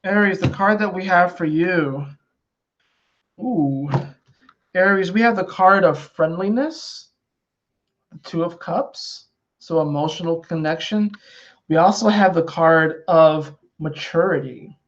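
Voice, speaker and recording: A man's voice: on the high side, a little slow. A man giving a casual, rambling astrology and tarot reading, full of fillers and repeated phrases. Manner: rambling, conversational, many fillers and repetitions. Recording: dull lo-fi sound.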